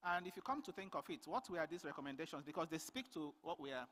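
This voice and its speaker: A man from Nigeria presenting a conference paper, speaking in a measured way with many fillers and restarts. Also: on the high side, lively intonation, a bit bright. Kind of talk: formal conference talk. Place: large conference hall. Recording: long hall reverb.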